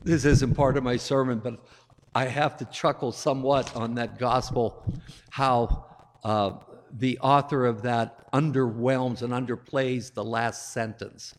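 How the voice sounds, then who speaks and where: Slow-speaking priest in an echoing church. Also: male voice, medium pitch, steady tone, slight background noise. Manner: slow, deliberate delivery with emphatic rises. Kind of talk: gospel reading and sermon. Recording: echoey church hall, long reverb.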